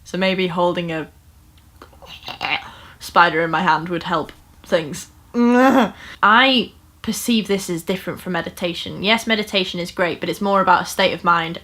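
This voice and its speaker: A woman's voice: on the low side, a bit bright. Chatty woman vlogging. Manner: earnest, chatty, with frequent fillers and restarts. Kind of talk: casual personal storytime talk.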